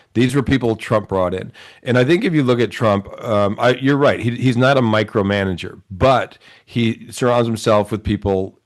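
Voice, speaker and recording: Low-voiced man with a Wisconsin accent. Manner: earnest, argumentative commentary. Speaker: political commentator. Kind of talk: political talk show discussion.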